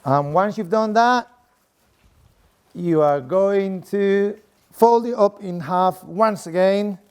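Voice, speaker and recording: Middle-aged man with a Spanish accent, slightly high voice; chatty, playful lecturer working the room. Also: takes it slowly, darkish tone, clear, resonant tone. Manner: playful, chatty, tags lines with "okay?". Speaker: sport coaching professor giving a talk. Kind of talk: interactive talk to a live audience. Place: room with a seated audience at desks.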